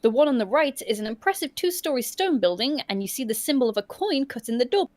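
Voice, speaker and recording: A woman hosting a livestream, reading a choose-your-own-adventure book aloud in an animated way and often laughing. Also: high voice, fast. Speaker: storyteller and host.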